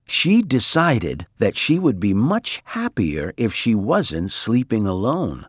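Male storyteller reading aloud, slow and lilting, dry close sound. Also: lowish voice, breathy edge, no room sound. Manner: slow, expressive read-aloud.

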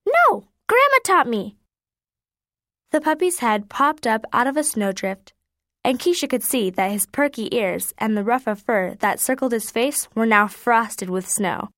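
A woman narrating a children's storybook in an expressive, clear way. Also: on the high side, moderate pace, no echo, studio quality.

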